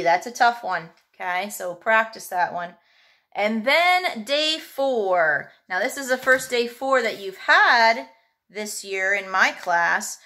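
A woman teacher giving a young pupil a remote phonics and handwriting lesson, speaking clearly and encouragingly with drawn-out vowel sounds. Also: a little high, fairly bright tone.

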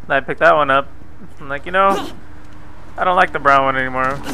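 A man's voice: mid-range voice, fairly quick, gravelly, sharp tone, clear, resonant tone, poor audio. A young man giving playful, profane commentary over his gameplay footage, mocking and teasing the characters on screen. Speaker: gameplay video host. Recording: background noise under the voice.

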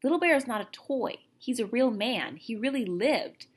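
A woman's voice: on the high side, expressive, moderate pace, husky, pitched above the performer's own voice. A woman reading aloud and voicing a young boy who urgently guards a secret and insists on being heard.

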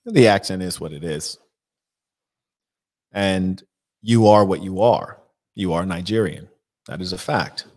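A man hosting an advice livestream, giving blunt, measured answers to viewers' questions. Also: low voice, darkish tone. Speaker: life coach host.

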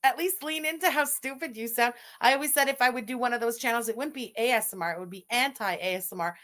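A woman's voice: a little high, fast, fairly bright tone. A woman giving sarcastic, swearing reaction commentary on a livestream. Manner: sarcastic, scathing, swears freely.

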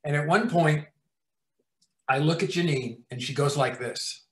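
Man, interview guest, animated profane anecdotes, higher pitch, roomy reverb. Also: unhurried. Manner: profane, animated, acts out scenes. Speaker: TV writer-producer guest. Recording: roomy echo.

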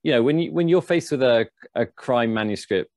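A man's voice: medium pitch, animated, fairly quick, a little mellow, dry recording, studio quality. A man hosting a livestream interview, hesitant and restarting his sentences often. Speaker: host.

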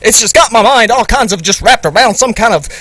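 A man's voice: sits high, lively intonation, a little fast, a bit bright, husky, no room sound, exaggerated voice. A man playing a bumbling newsman co-host who hesitates constantly with uh and um. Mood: flustered. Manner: hesitant, full of uh and um.

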